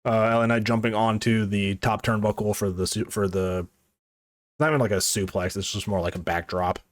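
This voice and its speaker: A man's voice: on the low side, fairly even intonation, a little fast, no room sound, clean studio sound. A man co-hosting a wrestling podcast, chatting casually with a lot of swearing and laughter. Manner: profane, laughing, rambling. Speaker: podcast co-host.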